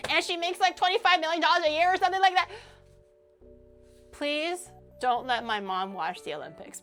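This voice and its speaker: A woman VTuber streaming in casual, animated chat, joking at her own expense and laughing often, from a home mic setup. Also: a little high.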